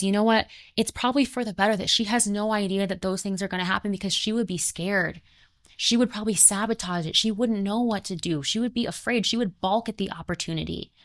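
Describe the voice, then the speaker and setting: A woman's voice: medium pitch, a bit bright, dry recording, clean studio sound. A woman in her twenties giving an earnest spiritual motivational talk, emphatic and conversational, repeating her key points. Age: 20s.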